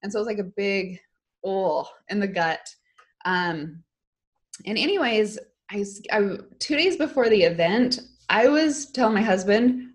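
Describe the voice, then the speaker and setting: A woman's voice: medium pitch, animated, a little slow. A middle-aged woman speaking as an interview guest, telling a personal story in an emotional, candid way. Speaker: guest, online course creator.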